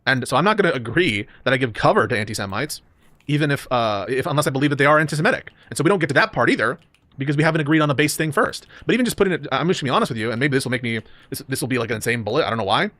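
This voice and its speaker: A man's voice: medium pitch, lively intonation, racing, fairly bright tone, dry recording. A man in a debate discussion, speaking in a defensive, insistent way.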